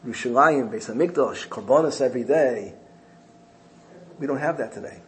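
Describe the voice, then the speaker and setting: A man's voice: mid-range voice, normal speed, poor audio. A man giving a religious talk, telling a story in an earnest, repetitive way. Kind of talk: storytelling sermon.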